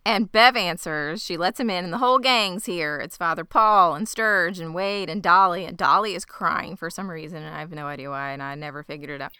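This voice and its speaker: Bright, clear-voiced woman recapping a show. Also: fairly low pitch, brisk, few pauses, dry recording, studio quality. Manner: animated storytelling, acting out quoted characters with frequent laughs. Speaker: podcast co-host. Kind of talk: casual recap chat.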